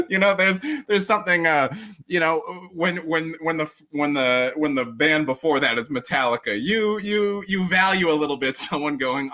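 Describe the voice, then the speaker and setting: A man with a fairly high, bright, pushed voice speaks at a normal speed as a podcast guest. He chats casually and rambles, often restarting and laughing. He acts out what other people said in mock voices.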